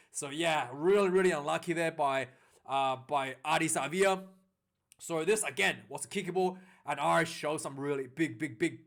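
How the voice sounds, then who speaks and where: Excitable high-voiced man recapping rugby. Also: vocal fry. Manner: excitable, rambling with many fillers and restarts. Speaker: rugby reviewer. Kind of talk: casual match recap commentary.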